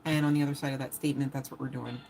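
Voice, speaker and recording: A woman's voice: a bass voice, level tone, rapid-fire, creaky, a little mellow, a little hiss or hum, poor audio. A woman giving a casual live-stream tarot reading. She is chatty and blunt, swears often, and laughs as she talks straight to her viewers. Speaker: tarot reader.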